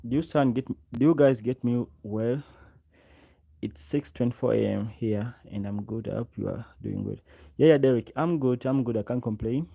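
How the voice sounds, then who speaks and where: Hosting a casual livestream on his own close microphone, a Ugandan man speaks at a moderate pace in a medium-pitched, gravelly, mellow voice with lively intonation. He greets viewers by name and often repeats his words.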